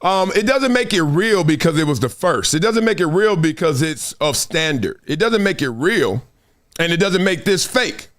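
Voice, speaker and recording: A man hosts a sports talk show with an emphatic, animated delivery and frequent laughs. His fairly high voice swings widely in pitch as he drives his points home. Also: normal speed. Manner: animated, emphatic, acts out quotes, laughs often. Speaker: sports podcast host. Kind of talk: animated sports commentary chat.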